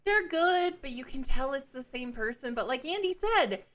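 A woman on a book podcast speaks in a high, bright voice that leaps around in pitch. She takes her time and retells scenes animatedly, acting out the characters as she goes. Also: animated, normal speed. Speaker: podcast co-host. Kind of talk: casual book-club chat.

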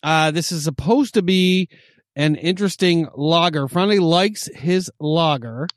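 Casting: male co-host, slightly high voice, dry close sound, loose rambling chat. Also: measured pace, no room sound. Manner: rambling, filler-heavy, relaxed. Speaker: podcast co-host. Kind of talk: casual chat.

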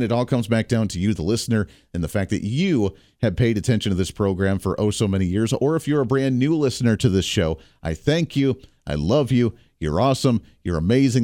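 A man hosting a radio talk show, delivering a solo monologue with sarcastic, animated banter. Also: fairly low pitch, no echo, studio quality. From Kansas, US.

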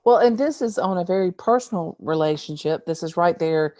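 A woman's voice: on the low side, expressive, brisk, warm tone, no echo. A woman interviewer asking a long, rambling question that searches for its wording.

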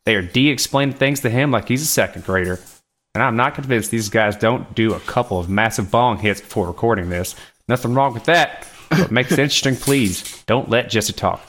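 A man's voice: mid-range voice, a little fast, a bit bright, lightly acted. A man reading out a scathing listener review in a put-on backwoods voice. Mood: mocking. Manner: reads a listener review aloud in a mock voice. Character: blunt backwoods male reviewer, mocking.

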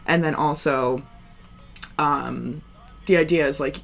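A woman co-hosting a casual podcast chat, talking in a nonchalant, flat way and rambling with lots of "like"s. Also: sits low, slow, vocal fry, faint music behind. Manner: filler-heavy, rambling with many "like"s. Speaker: podcast co-host.

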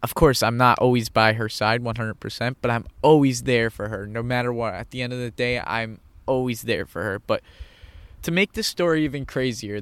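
A man's voice: medium pitch, a bit bright, clear, resonant tone, dry recording. A man telling a personal story in an earnest way, repeating phrases for emphasis. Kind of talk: personal monologue.

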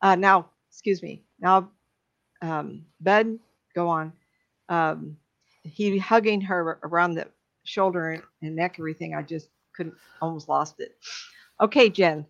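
A middle-aged woman, a psychic medium, giving readings on a live stream in an emotional, chatty way with many fillers and pauses. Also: lowish voice, vocal fry. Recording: dull lo-fi stream audio.

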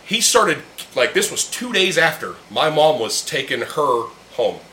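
At a measured pace, a podcast host with a fairly high, very animated voice sounds pushed and bright. Over beers with friends in a room, his casual chat is blunt, heated, and full of swearing. A roomy echo and a faint hum are audible.

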